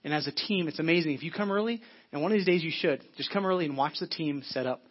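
A man's voice: on the high side, fast, muffled recording. A male pastor preaching a sermon in an earnest, conversational way, repeating phrases and restarting often.

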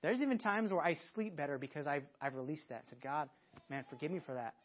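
Earnest pastor preaching, lo-fi. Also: male voice, a little high, lively intonation, quick pace. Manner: earnest, repeats words while reaching for phrasing. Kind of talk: sermon. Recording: dull lo-fi audio.

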